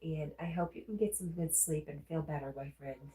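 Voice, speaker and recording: A deep-voiced, mellow woman talks fairly quickly in an echoey room. Sounding congested and speaking with a Southern accent, she hosts a livestream, chatting casually and reading and replying to viewer comments.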